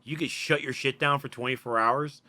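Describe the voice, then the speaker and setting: A man co-hosting a casual gaming podcast, teasing and cracking crude jokes in an animated way. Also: medium pitch, normal speed, no echo. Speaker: podcast co-host. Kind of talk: casual chat.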